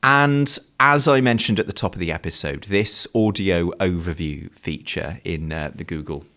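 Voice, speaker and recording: A man's voice: low voice, moderate pace, pushed and bright. A man co-hosting a teaching podcast, telling stories in a chatty way and laughing often. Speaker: podcast co-host. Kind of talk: casual chat.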